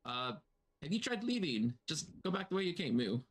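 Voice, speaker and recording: A man's voice: fairly high pitch, sing-song, brisk, a bit bright, pitched above the performer's own voice. A man voicing a polite, nervous cow-folk creature who moos between his words, with tavern music playing behind. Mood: wary, polite. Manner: mooing between phrases, questioning.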